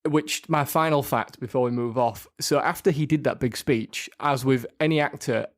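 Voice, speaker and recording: A young man hosts a podcast with an easy, chatty manner, often breaking into giggles as he shares trivia. His pitch sits in an everyday middle range. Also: moderate pace. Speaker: podcast host. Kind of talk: casual chat.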